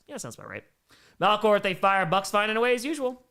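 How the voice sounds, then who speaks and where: A young man hosts a casual live stream, reading chat messages and reacting. His voice sits high and bright and swings widely in pitch, from low mumbled asides to loud, excited bursts. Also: fast. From American Midwest.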